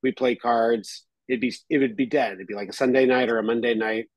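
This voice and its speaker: A laid-back man chatting casually on a podcast, rambling through his stories and often clearing his throat. His voice has an ordinary middle pitch and is recorded close and dry. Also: fairly even intonation, a little fast, no echo, low-quality recording. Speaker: podcast co-host. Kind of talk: casual chat.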